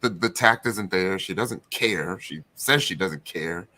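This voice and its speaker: Bright-toned man chatting on a review panel. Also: sits low, a little slow. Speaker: panel guest. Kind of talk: casual live review chat.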